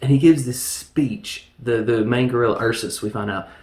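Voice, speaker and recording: A man's voice: medium pitch, steady tone, normal speed, darkish tone. A man casually reviewing a film, laughing often and recapping scenes with mock voices. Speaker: movie reviewer. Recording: echoey room.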